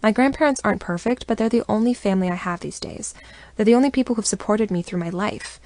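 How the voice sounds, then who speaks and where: A young adult woman narrating a first-person audiobook in an expressive, even storytelling manner, on a close studio mic. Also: mid-range voice, fast talker, no echo.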